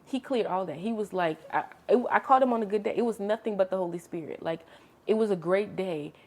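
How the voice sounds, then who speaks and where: A young woman chats through a personal story for her vlog, animated and expressive. Her voice sits at an ordinary middle pitch. Her delivery jumps from hushed asides to loud bursts, and she speaks to the listener like a close friend. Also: quick pace. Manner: animated, expressive storytelling with sharp swings in loudness; chatty, addresses listener as honey and girl. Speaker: vlogger. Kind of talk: casual storytime chat.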